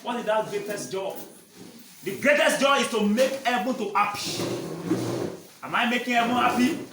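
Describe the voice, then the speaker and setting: A man preaching a sermon as pastor, calling out questions for the congregation to answer and swinging between loud shouting and quiet talk. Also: very high voice, moderate pace, background noise. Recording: echoey hall from far off.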